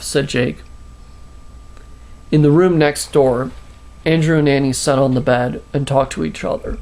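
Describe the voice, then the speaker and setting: A man reading his own short story aloud, halting with restarts and fillers. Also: medium pitch, steady tone, gravelly. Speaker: storyteller, channel host.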